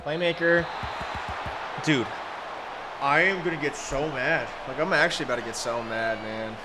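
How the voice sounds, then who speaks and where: A young man talks through his own video game play, cursing and muttering as it goes badly. His voice sits in the middle of the usual pitch range and breaks into sudden yells. A steady noise sits clearly behind him. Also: moderate pace. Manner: frustrated, cursing, swings from low mutters to sudden shouts. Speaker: gaming streamer. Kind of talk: live game commentary.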